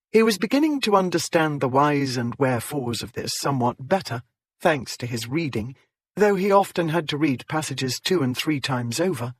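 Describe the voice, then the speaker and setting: A man with a fairly high voice narrates a historical romance in a measured, storytelling way. The recording is close and dry, with no room sound. He lifts his voice higher whenever he speaks for a character. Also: breathy edge, dry recording. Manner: measured storytelling, voicing characters with raised pitch. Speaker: audiobook narrator. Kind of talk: scripted narration.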